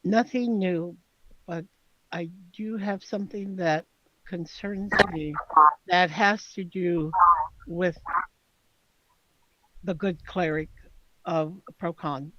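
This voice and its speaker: A man speaks slowly and carefully as a player in a tabletop game. His mic sounds dull and lo-fi, in a dry room. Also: high-pitched, fairly even intonation, no room sound. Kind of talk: tabletop game role-play.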